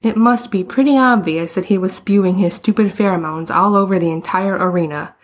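A woman's voice: medium pitch, a little fast. A woman reading a novel aloud as an audiobook narrator. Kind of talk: scripted narration.

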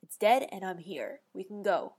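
A woman voicing a brash, wisecracking young male monster hunter in a storybook reading, gruff and swaggering. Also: medium pitch, animated, moderate pace, darkish tone. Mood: weary.

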